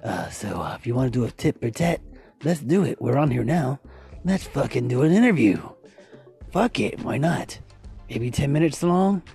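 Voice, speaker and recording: A man's voice: mid-range voice, sing-song, moderate pace, mellow, slightly rough, faint music behind. A man from Puerto Rico, a voice actor and podcaster, leaving a laid-back, profane voice message. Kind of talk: casual voice message.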